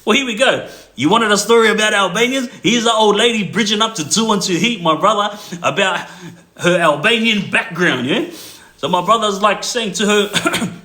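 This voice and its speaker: A man telling a story casually, rambling with fillers and laughing along the way. His voice is bright and slightly high. The room adds a noticeable echo. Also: moderate pace. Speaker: storyteller, clips page host.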